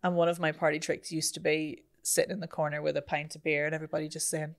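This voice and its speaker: A woman who works as a voice coach and voiceover artist, talking through her craft in a relaxed interview. Her voice sits a little low for a woman and has a polished, microphone-trained sound. She speaks articulately and expressively. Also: quick pace, gravelly, few pauses. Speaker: voice coach and podcast guest. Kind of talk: conversational interview answers.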